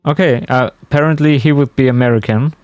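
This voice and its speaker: A man's voice: medium pitch, fast, darkish tone, dry recording, faint music behind. A man chatting casually to his stream viewers while playing, musing aloud as he goes. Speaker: game streamer. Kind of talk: casual live-stream commentary.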